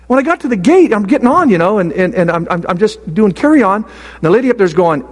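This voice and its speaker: An older man preaching a sermon in a high-pitched voice, full of stories and halting restarts. His voice rings with a long reverb, as if it carries through a church sanctuary. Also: sing-song. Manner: storytelling, halting with many restarts. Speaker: pastor.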